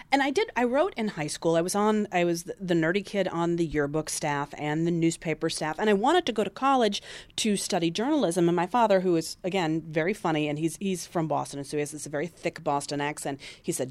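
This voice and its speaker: A woman's voice: fairly low pitch, brisk, darkish tone, dry recording. A woman author telling self-deprecating anecdotes in an interview, chatty, with frequent restarts. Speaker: author guest. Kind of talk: interview storytelling.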